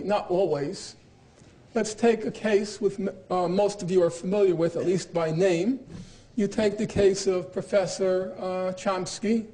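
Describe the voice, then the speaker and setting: A man's voice: high voice, mellow. A middle-aged man giving a university lecture in an emphatic, argumentative way, with pointed irony. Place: lecture hall.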